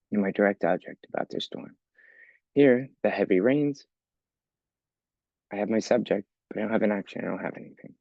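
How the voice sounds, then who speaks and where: A man's voice: on the low side, gravelly, no room sound, dull audio. A man teaching an English lesson for learners, explaining patiently step by step and often checking with "okay?". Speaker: ESL teacher.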